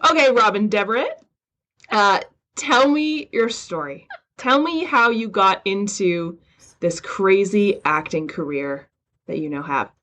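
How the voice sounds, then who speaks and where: A woman's voice: mid-range voice, unhurried, a bit bright. A woman hosting a casual podcast interview, talking in a gushing, effusive way. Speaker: podcast host.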